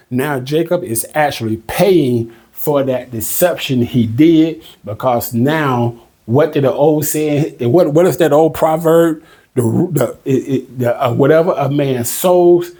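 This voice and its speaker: Man, Bible study teacher, conversational, emphatic, fairly high pitch. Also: dark tone, slightly rough. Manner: emphatic and conversational, reads scripture slowly. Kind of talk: casual Bible study commentary.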